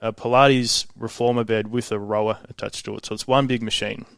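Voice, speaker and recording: A man, a guest on a casual podcast, talking in a calm, laid-back way. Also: lowish voice, a little fast, creaky, smooth, no echo, clean studio sound. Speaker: guest, fitness franchise founder.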